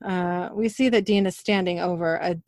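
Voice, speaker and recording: A woman's voice: fairly low pitch, fairly even intonation, normal speed, darkish tone, no echo, studio quality. A woman co-hosting a podcast who chats casually and reads scene lines aloud with small laughs while recapping an episode. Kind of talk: casual chat and plot recap.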